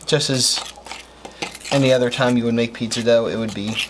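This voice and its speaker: A man hosts a home baking show, chatting upbeat and explaining each step as he works in the kitchen in a casual cooking demonstration. His mid-range voice holds a steady tone at a fairly quick pace, with background noise audible.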